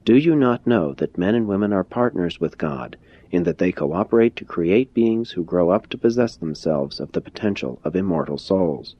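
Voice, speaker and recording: A calm, kindly male teacher speaks in a very deep, husky voice, as a man reads him aloud. He sounds measured and courteous, gently persuasive. The recording is dull and lo-fi. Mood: earnest, instructive.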